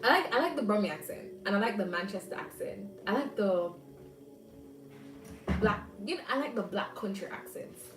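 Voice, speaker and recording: A Jamaican woman living in England hosts a casual livestream chat from home, reading comments aloud, laughing often, and thinking aloud with plenty of fillers. Her mid-range voice is expressive and moves at a normal speed. Recorded on a phone or tablet far from her, the sound is roomy and off-mic, with loud music playing behind.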